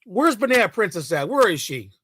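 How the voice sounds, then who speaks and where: Profane ranting man, sharp bright voice. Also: high voice, very animated, fairly quick, dry recording, low-quality recording. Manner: heated, profane, repetitive ranting; mocking, sarcastic asides. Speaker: commentator. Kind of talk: reaction commentary rant.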